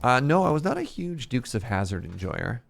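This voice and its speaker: A man hosting a casual gaming stream, chatty and quick to laugh as he tells stories. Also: mid-range voice, big pitch swings, creaky. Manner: laughs easily, chatty storytelling. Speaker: streamer host. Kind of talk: casual chat while gaming.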